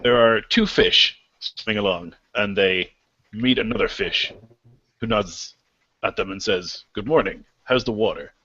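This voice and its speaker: A man voicing a grave male guardian of an ancient maze people, speaking slowly and formally. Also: fairly low pitch, pushed and bright, slightly rough, highs cut off, exaggerated voice.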